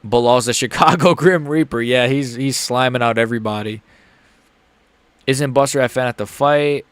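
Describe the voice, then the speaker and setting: A young man streaming a live fight reaction, excitable, joking and profane. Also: medium pitch, normal speed, smooth, dry recording.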